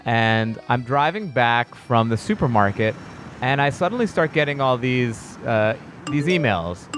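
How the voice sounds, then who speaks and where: Animated man telling a story. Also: a little slow, music in the background. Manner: animated storyteller, acts out voices with big pitch jumps. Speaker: comedian guest. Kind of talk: storytelling in casual podcast chat.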